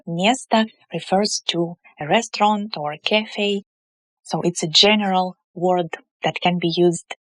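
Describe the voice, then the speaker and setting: A woman with a Russian accent teaching a language lesson, explaining slowly and carefully and drawing out her example words. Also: fairly low pitch, dry recording.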